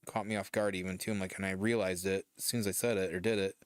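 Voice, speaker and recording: A man from Michigan chatting casually on a stream while he paints, talking in a loose, rambling way with easy swearing. His voice sits on the low side and sounds smooth and clear. The recording is close and dry. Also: level tone, quick pace, no room sound. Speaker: streamer host.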